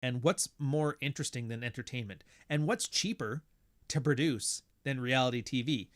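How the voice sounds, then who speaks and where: A man hosting a podcast, talking in a blunt, profane, sardonic rant and slipping into quick impressions of other people as he tells stories. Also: mid-range voice. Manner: animated, mimics others mid-story. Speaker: podcast host. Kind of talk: casual ranting monologue.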